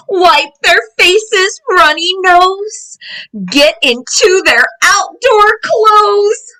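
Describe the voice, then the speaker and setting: A woman reading a picture book aloud to children, excited and exclaiming, with gasps and cries of surprise. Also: very high voice, extremely slow, low-quality recording.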